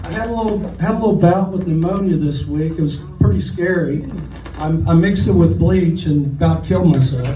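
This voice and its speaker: A man in his sixties from Oklahoma performs a deadpan stand-up set at a restaurant comedy night, telling stories in a dry voice and slipping into short quoted voices for the people in them. His voice is a little high and fairly quick, heard from a distance in an echoey room.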